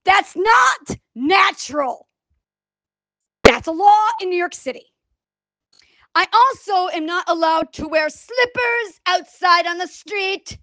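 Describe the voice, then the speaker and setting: A woman talking casually on her vlog in an animated, rambling way, swearing now and then and acting out other people's voices. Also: extremely high pitch, no room sound. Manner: animated and rambling, with frequent profanity; acts out quoted voices. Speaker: scientist and online writer. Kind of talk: casual unscripted vlog monologue.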